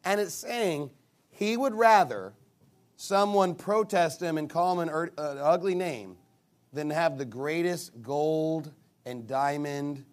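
A male pastor preaching a sermon in an animated, emphatic way, with sarcastic asides. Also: on the high side.

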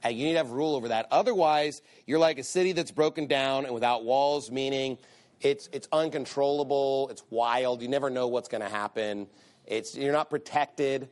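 A man's voice: medium pitch, normal speed, a little mellow. A man preaching a sermon. He speaks emphatically, repeats phrases for stress, and reads scripture in King James wording. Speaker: pastor.

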